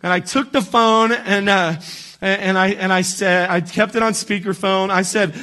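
Male pastor, high voice, bright tone, conversational sermon, lots of "right?" asides. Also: fairly even intonation, normal speed. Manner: conversational preaching, frequent "right?" asides and restarts.

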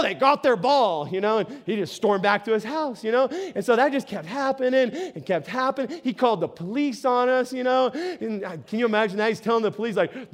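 A middle-aged pastor delivers his sermon like a casual story told to friends, breaking in often with a quick "right?" His voice sits very high for a man. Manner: conversational storytelling with frequent "right?" asides.

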